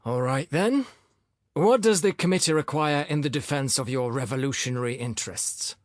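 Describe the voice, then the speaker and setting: An irritable older professor, sarcastic and exasperated, his voice jumping high with indignation and swinging widely, as a male audiobook reader puts him on. Dry and close, an audiobook character voice. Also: expressive, moderate pace, no echo, close to an everyday voice.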